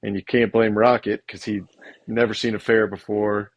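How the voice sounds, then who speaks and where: A man's voice: fairly low pitch, little pitch movement, normal speed, creaky, lo-fi sound. A man, co-hosting a podcast in a frank, matter-of-fact casual way. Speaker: podcast co-host, bird breeder.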